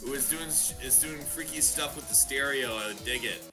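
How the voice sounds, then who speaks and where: A woman co-hosting a game stream in casual chat, playful and quick to laugh and joke. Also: extremely low pitch, music in the background. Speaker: co-host playing along.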